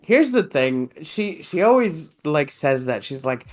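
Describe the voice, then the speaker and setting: A man's voice: mid-range voice, expressive, moderate pace. Laughing, cussing young guy podcaster. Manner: laughs often, swears, rambling. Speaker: podcast co-host. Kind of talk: casual chat.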